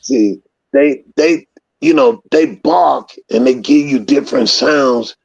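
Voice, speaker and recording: A man with a gravelly, husky voice spins loose, profane stories in casual conversation. He acts out the scenes as he goes. The audio is slightly dull and lo-fi. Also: fairly high pitch, slow. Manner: profane, rambling storyteller who acts out scenes loudly. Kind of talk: casual storytelling.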